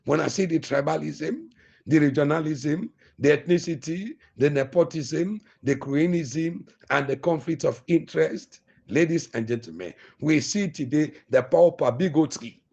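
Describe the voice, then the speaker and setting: Gravelly Sierra Leonean political orator. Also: male voice, fairly high pitch, moderate pace, darkish tone, lo-fi sound. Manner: oratorical, repetitive lists. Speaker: political speaker. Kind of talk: political speech.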